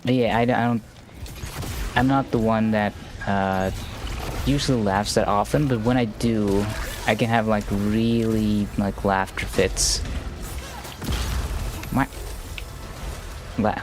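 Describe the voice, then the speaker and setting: Low, monotone male streamer. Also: music in the background. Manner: monotone, slow and rambling with restarts. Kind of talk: casual live-stream chat while gaming.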